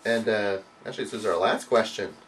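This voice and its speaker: A man hosting his own vlog, answering viewer questions in a casual, heavily profane rant that bursts into loud, mocking outcries. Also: fairly quick, recorded from a distance, slight background noise. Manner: swears a lot, mocks with loud high outbursts.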